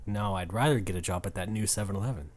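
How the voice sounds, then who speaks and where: A man's voice: fairly low pitch, fast talker, dry recording. A man co-hosting a podcast in casual, wry, understated chat. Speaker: podcast co-host.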